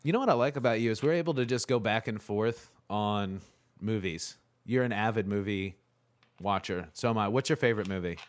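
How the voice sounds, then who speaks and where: Low-voiced man hosting a casual podcast, a bit hoarse. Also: brisk. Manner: relaxed, laughs easily, joking. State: hoarse from a cold. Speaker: podcast host. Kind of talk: casual chat.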